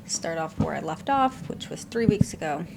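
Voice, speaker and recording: A woman with a fairly low voice gives blunt, casual reaction commentary, swearing offhand. A steady hiss runs beneath her voice. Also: normal speed, creaky. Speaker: reaction channel host.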